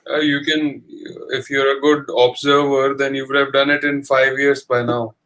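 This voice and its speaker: A man's voice: medium pitch, little pitch movement, normal speed, a bit bright. A man in casual chat who teases and laughs easily, with a melodic way of speaking.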